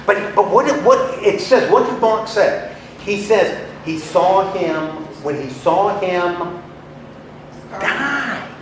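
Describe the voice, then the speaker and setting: A man's voice: sits high, animated, slow pace. A man leading a Bible study class, asking his listeners questions and then answering them himself. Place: room with a small class. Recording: echoey room with faint noise.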